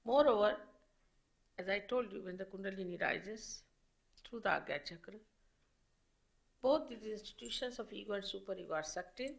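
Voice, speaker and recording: A woman teacher delivers a public spiritual lecture at an unhurried pace. Her voice has a gravelly, creaky edge and sits at an ordinary middle pitch. She explains in measured phrases, pausing between points. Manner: slow, measured explaining with pauses.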